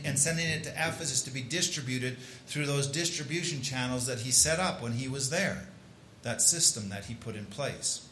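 A man's voice: fairly high pitch, a bit bright, reverberant, a little hiss or hum. A man preaching a sermon in a conversational way, with restarts and asides. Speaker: pastor.

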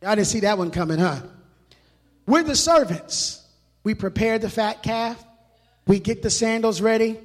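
A male pastor preaching a sermon in a church, animated and emphatic, mixing in casual street slang. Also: very high voice. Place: church hall. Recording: long reverb of a large hall.

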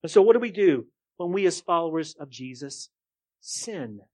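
Man preaching with loud rising questions. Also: a little high, sing-song, moderate pace. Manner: swings from quiet murmurs to loud, rising rhetorical questions; addresses the congregation directly, asking for responses. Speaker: pastor. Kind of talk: sermon.

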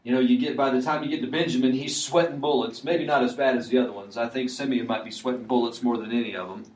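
A man's voice: medium pitch, steady tone. Man preaching in an echoey hall. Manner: conversational with halting restarts and filler words. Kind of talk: sermon. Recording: echoey room, mic at a distance.

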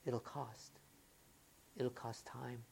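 Low-voiced woman preaching a lively sermon. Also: extremely slow, vocal fry, slight background noise. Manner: swings from loud excited rhetorical questions to quiet earnest talk. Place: church.

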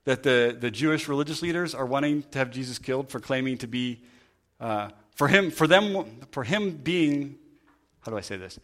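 A man preaching a relaxed sermon at a middling pitch. He talks it through conversationally and often restarts his sentences as he thinks aloud. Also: moderate pace. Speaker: pastor.

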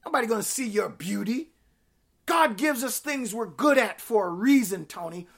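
A woman preaching a sermon, repeating phrases in a rhythmic build, rising to shouts and then dropping to hushed tones. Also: on the high side, animated, moderate pace, vocal fry, breathy edge.

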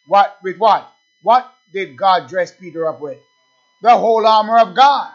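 A man's voice: high-pitched, normal speed. A man preaching a sermon, emphatic and repetitive, calling out "amen" between points. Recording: dull lo-fi sound.

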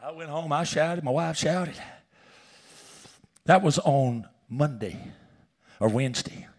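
A man preaching a sermon in church, telling a personal story and swinging from shouts down to hushed whispers. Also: fairly high pitch, takes it slowly. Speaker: pastor. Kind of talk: sermon testimony.

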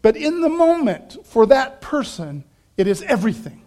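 A man preaching a sermon, telling a story with animated shifts and acting out quoted voices, laughing now and then. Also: very high-pitched, moderate pace. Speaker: pastor.

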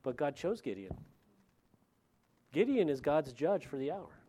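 A man, a middle-aged pastor, preaching a verse-by-verse sermon in a conversational way, with lively retelling and asides to the congregation. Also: on the high side, measured pace, slightly rough. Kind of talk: expository sermon.

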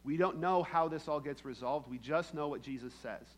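A man's voice: a little high, moderate pace. A man preaching a sermon in a conversational way, often checking in with the congregation and acting out the quoted lines. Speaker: pastor.

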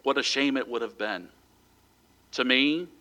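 Pastor, male, bright forceful tone, relaxed storytelling sermon delivery. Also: mid-range voice, a little slow. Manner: conversational storytelling with a light chuckle.

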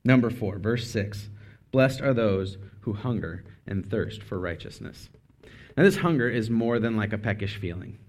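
A man preaching a casual, conversational sermon, full of asides and quick self-corrections. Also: fairly low pitch, expressive, a little mellow. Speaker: speaker.

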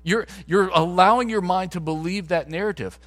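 A man's voice: high-pitched, moderate pace, fairly bright tone. A man, a pastor, preaching a sermon in a conversational way that climbs to emphatic peaks.

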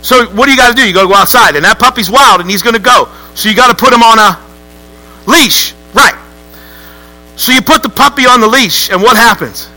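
A man preaching a lively, joking sermon to a church congregation. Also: high-pitched, poor audio. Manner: lively, joking, acts out voices with rising outbursts. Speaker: pastor.

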